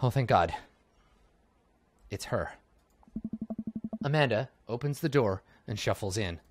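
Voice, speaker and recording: Animated man joking through a game. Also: mid-range voice, slow, over music. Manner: animated and jokey, swings between loud outbursts and mumbled asides, swears. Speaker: let's-play gamer. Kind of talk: comedic game read-through.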